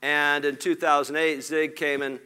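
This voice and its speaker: A middle-aged man from Lower Alabama speaks in a Southern accent, telling stories to an audience from an event stage. His voice is bright and forceful, smooth and resonant, and he sits a little high. He talks in a folksy, animated way, full of jokey asides. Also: moderate pace. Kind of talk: storytelling keynote talk.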